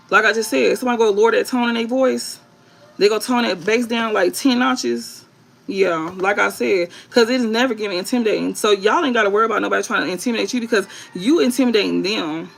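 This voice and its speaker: Woman tarot reader, mid pitch, gravelly edge, blunt emphatic delivery, repeats her points. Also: low-quality recording. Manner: emphatic, blunt, repetitive, swears. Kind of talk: spiritual reading to viewers.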